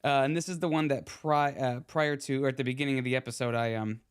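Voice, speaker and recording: A man hosting a podcast, talking in a loose, rambling way with lots of ums and restarts. His voice sits at an ordinary middle pitch, relaxed and conversational. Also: fast, smooth. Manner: rambling, many fillers and restarts. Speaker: podcast host. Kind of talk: casual chat.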